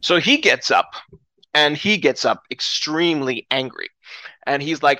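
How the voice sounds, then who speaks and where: A man teaching through a Bible story, retelling it in lively, dramatized fashion and acting out the characters' words. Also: moderate pace, no room sound. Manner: animated storytelling, acts out characters with rising pitch.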